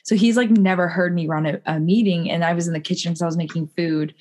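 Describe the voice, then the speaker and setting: A woman's voice: on the low side, fairly even intonation, quick pace, darkish tone. A woman co-hosting a podcast, chatting casually in a rambling way with many restarts. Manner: rambling, full of fillers and restarts. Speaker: podcast co-host. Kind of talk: casual chat.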